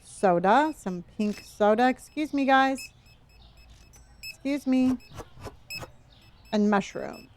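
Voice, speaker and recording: A woman with a slightly high-pitched voice streams a game in a casual, chatty way. She keeps up playful, gently teasing commentary and thanks viewers by name, calling them honey and dear. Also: expressive, takes it slowly, pauses often, slight background noise. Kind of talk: casual live-stream chat while playing.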